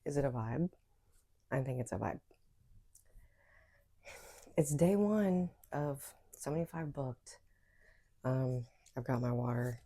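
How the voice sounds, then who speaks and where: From her bedroom at home, a book vlogger chats casually, rambling with lots of fillers and asides while hiccups bother her. Her voice is extremely low and mellow, and she speaks slowly with long pauses.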